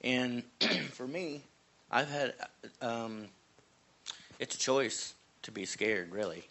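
A man's voice: mid-range voice, slow pace, bright, forceful tone. A man in a church group offering a comment, hesitant and full of fillers. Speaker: congregation member. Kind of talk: casual comment in group discussion.

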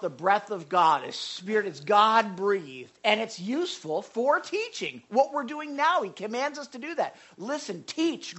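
A male pastor preaching a sermon in an animated way, repeating words and adding asides. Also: extremely high pitch.

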